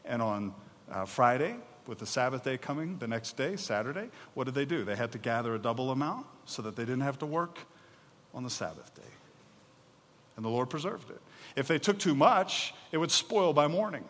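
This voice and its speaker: A man preaching a sermon, reading scripture and acting out the people's complaints with animated, mock-exasperated energy. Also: medium pitch, moderate pace, long reverb tail. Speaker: pastor.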